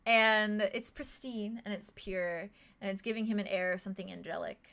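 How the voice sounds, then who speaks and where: A woman narrating a fantasy tabletop game as game master. Her delivery is casual and loose, full of fillers and small chuckles. Her voice sits at an ordinary middle pitch. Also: steady tone, normal speed, creaky, fairly bright tone. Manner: casual, many fillers, chuckles between lines.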